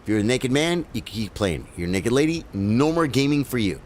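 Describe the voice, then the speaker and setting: A man voicing a disapproving middle-aged father who scolds his child with quick repeated refusals. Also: medium pitch, very animated, a little mellow, a little hiss or hum, natural voice. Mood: scolding.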